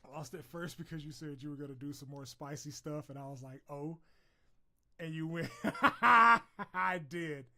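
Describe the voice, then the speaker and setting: Male streamer, slightly high voice, rowdy and profane, laughs a lot, casual live chat. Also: fairly even intonation, fast talker, few pauses. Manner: loud, laughing, profane, swings from shouting to mumbling.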